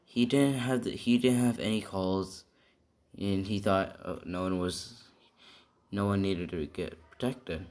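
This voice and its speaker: Low-voiced man rambling through a story. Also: fairly even intonation, unhurried, darkish tone. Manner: rambling, with restarts and tag questions. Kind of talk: improvised fan-story narration. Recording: echoey room, faint typing.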